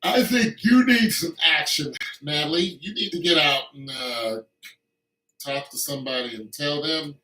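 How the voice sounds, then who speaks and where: Man, comedic rant, teasing and needling, very bright tense voice, echoey room, distant mic. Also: fairly high pitch, a little slow. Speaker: vlogger. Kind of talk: comedic monologue to the camera.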